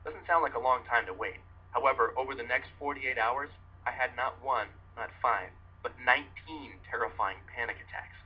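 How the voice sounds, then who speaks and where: A man's voice: medium pitch, normal speed, hardly any pauses, slightly rough, lo-fi sound. A man in his thirties reading a scripted sales story in a dramatic storytelling way. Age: 30s. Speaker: narrator.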